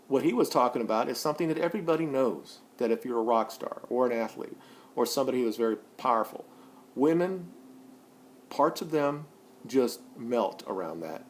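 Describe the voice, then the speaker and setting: Blunt, rambling man in his forties. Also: slight background noise. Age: 40s. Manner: blunt, profane and rambling, with frequent restarts; rising loud and high when worked up. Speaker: vlogger. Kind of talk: opinion monologue to camera.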